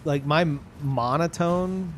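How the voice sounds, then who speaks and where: A man's voice: on the high side, takes it slowly, background noise. A man livestreaming, talking casually to his chat in a rambling, swearing way that often restarts sentences. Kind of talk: casual chat to a live audience.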